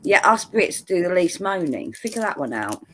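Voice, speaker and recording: A woman's voice: on the low side, sing-song, normal speed, a bit bright, slight background noise. A British woman in casual chat on a video call, teasing and chatty, laughing often. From Britain.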